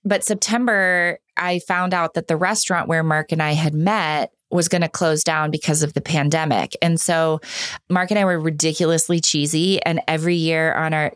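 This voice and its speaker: A woman in her thirties speaks as a podcast guest, her voice sitting a little low for a woman. She tells personal stories candidly and with animation, often breaking off and restarting her sentences. The recording is dry and close, with no room sound. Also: normal speed, dry recording. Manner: earnest and animated, frequent restarts. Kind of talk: candid conversational storytelling.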